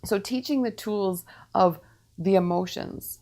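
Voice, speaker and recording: A woman speaking as a medium, giving channeled spiritual teaching in a measured way, repeating her phrases with calm pauses. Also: mid-range voice.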